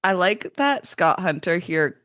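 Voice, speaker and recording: A woman's voice: fairly low pitch, sing-song, a little slow, a bit bright, no echo, studio quality. A woman co-hosting a podcast, casually recapping scenes and often chiming in to agree. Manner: chatty recaps, frequent agreeing "mm-hmm" and "yep". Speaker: podcast co-host. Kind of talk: casual chat.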